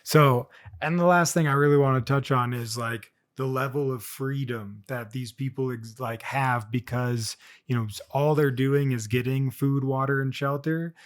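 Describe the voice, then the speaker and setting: A man's voice: mid-range voice, fairly even intonation, normal speed. A young man talking casually on his own vlog, rambling with many fillers and restarts. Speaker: vlogger. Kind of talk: casual solo monologue.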